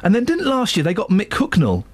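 A man's voice: high voice, brisk. A man presenting breakfast radio, joking playfully with a co-host and reading headlines. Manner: playful, jokey, animated.

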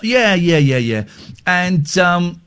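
A man hosts a late-night radio phone-in, his voice sitting a little high and swinging widely in pitch. He talks frankly and self-deprecatingly, restarting sentences as he goes. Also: very animated, slow, a bit bright, clear, resonant tone. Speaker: radio host.

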